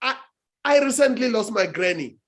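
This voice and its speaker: A man's voice: extremely high pitch, expressive, normal speed. A man, a talk show guest, giving motivational advice emphatically and repeating phrases for effect.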